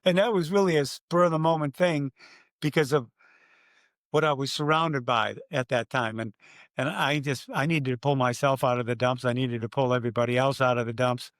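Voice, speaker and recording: An older man, a race announcer, telling stories in a podcast interview, animated and acting out his own quotes. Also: mid-range voice, fairly quick, no room sound, studio quality.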